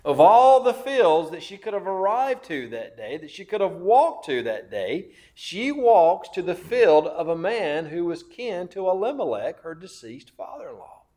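A man preaching a sermon, slow and emphatic, repeating phrases and asking questions of his listeners. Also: high-pitched, very animated, mellow. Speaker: pastor.

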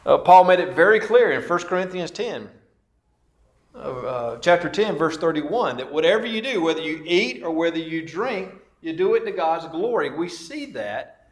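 A man preaching a sermon, slow and emphatic, repeating phrases and asking questions of his listeners. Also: fairly high pitch, lively intonation. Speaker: pastor.

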